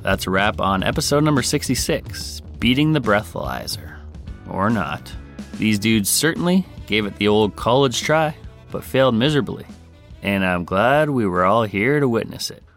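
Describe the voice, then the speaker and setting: A man's voice: lowish voice, lively intonation, moderate pace, gravelly, a bit bright, soft background music. A man hosting a podcast, reading out a listener's confession in a playful, casual way. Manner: playful, breaks into singing. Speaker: podcast host.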